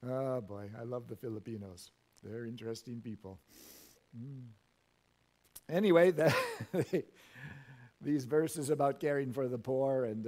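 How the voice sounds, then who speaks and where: A man's voice: mid-range voice, darkish tone. A middle-aged male pastor preaching a sermon in a church, reading scripture and making folksy asides with frequent chuckles.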